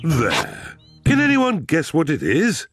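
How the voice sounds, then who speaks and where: A man's voice: fairly high pitch, wildly swooping pitch, takes it slowly, creaky, music in the background, exaggerated voice. A man voicing a cheerful, confident grown-up male pig father in a cartoon.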